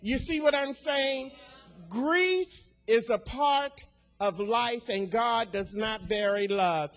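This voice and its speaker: An older woman giving a sermon testimony, slow and deliberate, swelling to loud emphatic declarations and repeating key phrases. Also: on the high side, faint music behind. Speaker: speaker at a women's church gathering.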